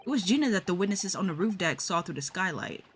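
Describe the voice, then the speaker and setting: A woman voicing an earnest young male defense lawyer, lowered and probing, while reading game dialogue. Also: expressive, quick pace, slight background noise, natural voice.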